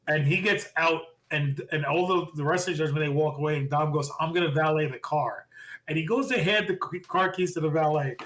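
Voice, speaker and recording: A man co-hosting a podcast, excitedly retelling a wrestling show and acting out quotes with lots of laughter. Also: a little high. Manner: excitable storyteller, laughs often, acts out quotes. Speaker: podcast co-host. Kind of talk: casual wrestling recap chat.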